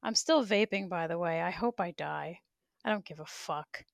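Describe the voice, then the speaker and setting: A woman's voice: fairly low pitch, normal speed, vocal fry, no room sound, clean studio sound. A woman in her thirties, a bit out of breath, venting bluntly with lots of swearing on a casual livestream. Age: 30s. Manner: blunt, profane storytelling.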